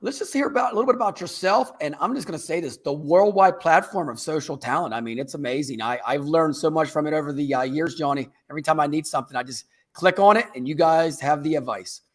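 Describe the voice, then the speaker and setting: A man's voice: a little high, fast talker, few pauses. A man hosting a live podcast, introducing a guest with upbeat jokes. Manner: upbeat, joking, emphatic. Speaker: podcast host.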